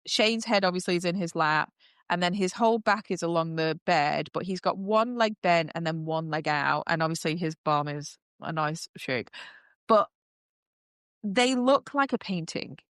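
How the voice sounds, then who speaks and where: A woman's voice: lowish voice, moderate pace, clean tone, no room sound, clean studio sound. A woman hosting a podcast, recapping a show in a gushing, casual chat full of fillers. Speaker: podcast host.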